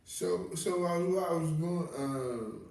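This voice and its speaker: A man tells comic stories in a blunt, profane way, his voice a bit high. The sound is echoey and distant, like a mic across a bare room. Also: takes it slowly, creaky, darkish tone. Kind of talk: casual comedic chat.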